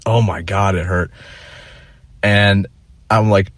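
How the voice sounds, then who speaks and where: A man's voice: lowish voice, steady tone, moderate pace, no room sound. A young man telling a rambling, profane story in a casual monologue, full of fillers and restarts. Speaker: vlogger.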